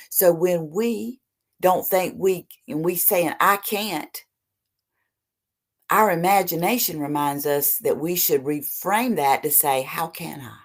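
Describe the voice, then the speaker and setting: A woman giving an earnest, preachy motivational talk about recovery, reading short passages and then expanding on them, with sudden drops to a soft voice. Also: low voice, slow pace. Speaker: recovery speaker.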